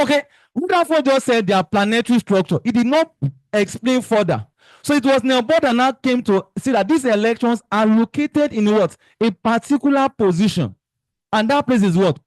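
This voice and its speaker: High-voiced Nigerian man teaching, animated. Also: no echo. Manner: animated, joking, quizzing students with fill-in questions. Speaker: chemistry teacher. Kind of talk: exam revision lesson.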